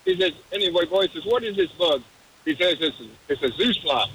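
A man calling into a radio show, telling a long joke with many halting restarts. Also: high voice, lively intonation, fairly bright tone, a little hiss or hum, poor audio. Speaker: caller.

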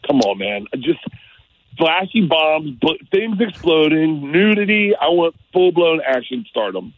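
A man calling in as a guest on a radio show, talking excitedly with stumbling restarts. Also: on the high side, measured pace. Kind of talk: casual phone interview. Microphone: phone line. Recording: tinny phone line.

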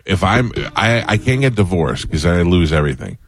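Radio host guy, real deep voice, bounces around a lot, deadpan dark jokes, dry mic. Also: moderate pace. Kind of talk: casual comic banter.

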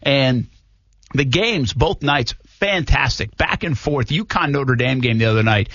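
A man hosting a sports radio show, relaxed and joking as he moves between segments. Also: mid-range voice, measured pace, no room sound, lo-fi sound. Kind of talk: casual radio banter.

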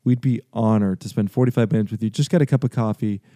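Middle-aged male radio host, low mellow voice, earnest sales pitch, dry studio sound. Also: fast, no room sound. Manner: earnest, repetitive, salesy, with restarts. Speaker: radio show host and financial advisor.

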